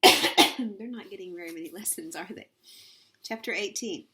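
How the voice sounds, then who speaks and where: A woman reading a children's novel aloud in an unhurried storytelling manner, with small slips. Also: medium pitch, pushed and bright. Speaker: audiobook reader.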